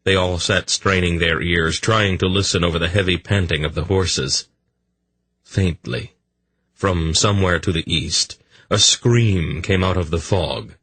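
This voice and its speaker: Man, audiobook narrator, deep voice, husky, dry close sound. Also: dry recording. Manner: even, measured storytelling. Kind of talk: scripted fantasy narration.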